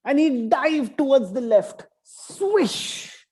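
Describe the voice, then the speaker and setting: A man tells a story to young children with swooping, lively pitch and a mellow tone. He takes his time and adds playful sound effects. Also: takes it slowly.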